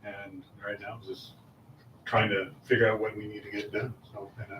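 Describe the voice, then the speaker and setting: A man's voice: fairly low pitch, little pitch movement, moderate pace, fairly bright tone, a little hiss or hum. A man, a new city project manager, introducing himself plainly and modestly at a committee meeting. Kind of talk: brief self-introduction. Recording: echoey, muffled, distant mic.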